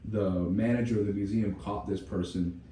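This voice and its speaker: Brief: a low-voiced male podcaster telling a story casually, with curses and asides, roomy distant sound with faint hum. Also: fairly even intonation, normal speed, mellow. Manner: rambling, profane, many "you know" asides. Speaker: podcast co-host.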